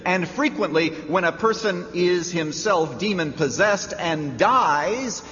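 A man's voice: a little high, a bit bright. Emphatic preaching man in echoey church. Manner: emphatic preaching with dramatic pauses. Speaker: pastor. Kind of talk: sermon. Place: church sanctuary. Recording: reverberant church hall, dull lo-fi sound.

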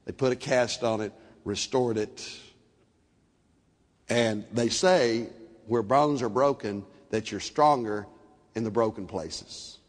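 An older man preaching a sermon, telling stories and swinging between soft, slow passages and loud, animated ones. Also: on the low side, long reverb tail. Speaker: pastor.

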